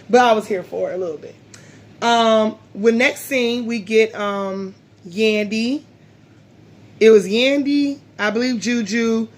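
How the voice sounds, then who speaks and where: A woman recapping a reality TV episode in a casual, opinionated way, with frequent ums and frank asides. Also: a little high. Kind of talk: casual spoken episode review.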